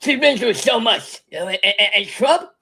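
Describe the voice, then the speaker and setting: In a comedic impression monologue, a performer plays a rambling, tipsy older female politician who stammers, giggles, makes many false starts and loses her thread. The mid-range voice is expressive and full character, at a moderate pace, leaping around with a bright, sharp ring and a husky, breathy edge.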